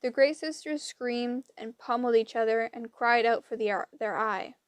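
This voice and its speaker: A woman reading an audiobook with lively, dramatic storytelling. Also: fairly high pitch, normal speed, smooth, no echo. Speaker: audiobook reader. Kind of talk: expressive audiobook narration.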